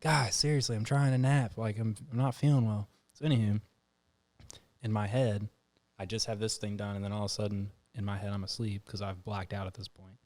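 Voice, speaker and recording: A man with a fairly low voice hosts a casual podcast conversation. He tells his story with animated energy and slips into the voices of the other people in it as he goes. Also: fairly quick. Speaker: podcast host. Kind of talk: casual chat.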